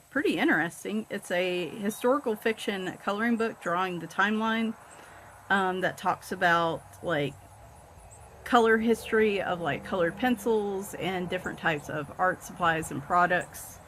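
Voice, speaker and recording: A woman's voice: medium pitch, moderate pace, fairly bright tone, slight background noise. A woman with a Southern accent chatting casually and rambling a bit as she shows her coloring books, with plenty of fillers and self-deprecating jokes. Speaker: coloring book channel host. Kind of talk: casual chat showing books.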